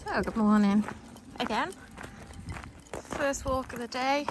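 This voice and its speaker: A woman's voice: high voice, slow pace. A woman chatting casually to a phone camera while walking her dogs outdoors, rambling with lots of fillers and stopping to talk to the dogs. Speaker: dog owner vlogger. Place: outdoors on a dog walk. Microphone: handheld phone camera. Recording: phone video outdoors with clear background noise.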